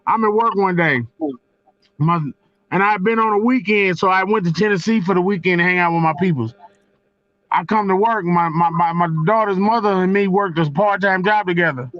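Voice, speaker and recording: A man co-hosting a casual sports podcast, telling stories in a profane, animated way. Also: high-pitched, brisk, no room sound, muffled recording. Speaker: podcast co-host. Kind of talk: casual storytelling chat.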